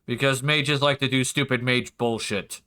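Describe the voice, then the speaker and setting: A man's voice: mid-range voice, steady tone, normal speed, pushed and bright, natural voice. A man voicing a curt, irritable half-elf male hunter who grumbles and swears.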